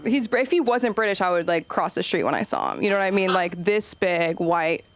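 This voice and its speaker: A woman's voice: lowish voice, a little fast. A young woman performing a stand-up set at an open mic, rambling and self-deprecating with lots of "like" and trailing asides. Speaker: stand-up comic. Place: comedy club stage.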